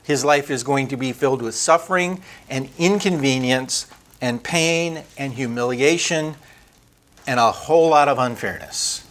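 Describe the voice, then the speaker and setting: A man teaching a conversational Bible lesson, emphatic, building up lists and slowing down on key words. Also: mid-range voice, fairly bright tone.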